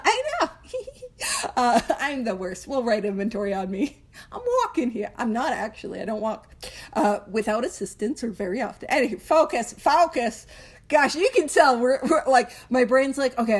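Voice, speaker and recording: A woman's voice: fairly high pitch, darkish tone. A young woman leading a casual recovery book study, chatty and self-deprecating, often laughing and slipping into little character voices. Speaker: study group leader.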